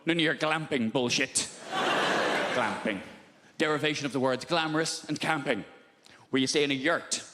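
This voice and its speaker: A man performing a stand-up comedy set with a deadpan, repetitive, mock-formal delivery. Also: a little high, normal speed, pauses often. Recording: roomy hall with loud background noise.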